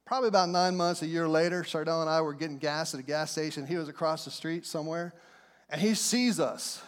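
High-voiced folksy preacher man. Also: fairly quick, in a large hall. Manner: folksy storytelling, plain speech. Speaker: pastor. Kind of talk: sermon.

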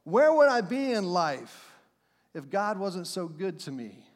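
A man's voice: sits high, big pitch swings, a little slow. A middle-aged man preaching a sermon as pastor, talking conversationally, slipping into playful acted voices and laughing along with his points. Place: church sanctuary. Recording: long hall reverb.

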